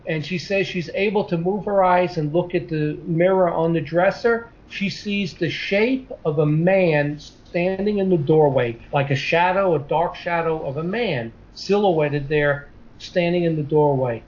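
A middle-aged man tells a long story in an earnest, rambling way, tagging his sentences with "she says" again and again. His voice sits a little high for a man. The recording is dull and lo-fi. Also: measured pace, hardly any pauses. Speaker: guest telling a story. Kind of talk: casual spoken storytelling. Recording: dull lo-fi audio.

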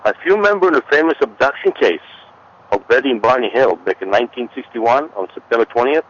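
A man's voice: medium pitch, lively intonation, quick pace, slight background noise. A man who is a guest on an interview show, explaining at length in an emphatic way and repeating warnings. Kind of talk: conversational explanation. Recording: dull lo-fi audio.

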